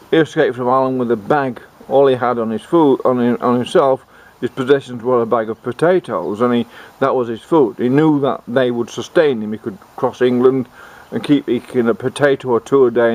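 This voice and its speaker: A man telling a comic tall tale in a rambling, halting way, often restarting his sentences. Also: mid-range voice, a little mellow. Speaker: storyteller. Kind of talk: comic folk storytelling.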